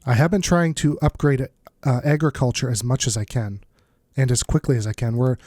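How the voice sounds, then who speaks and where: A man's voice: medium pitch, steady tone, fairly quick, a little mellow, dry recording, clean studio sound. A man with a stuffed-up nose giving casual, think-aloud commentary while playing a strategy game as the channel's host. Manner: thinks aloud, muttering asides. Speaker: let's play host.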